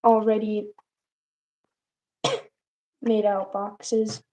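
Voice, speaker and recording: A woman's voice: mid-range voice, little pitch movement, drawn-out words, warm tone, rough recording. A woman co-hosting a livestream and moderating its chat, telling stories in casual conversation. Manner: chatty, storytelling.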